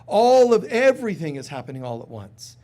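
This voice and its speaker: A man giving a live sermon in a casual, humorous way, who acts out little voices and drops to soft, quiet tones on serious points. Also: sits high, sing-song, a little fast. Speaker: spiritual teacher.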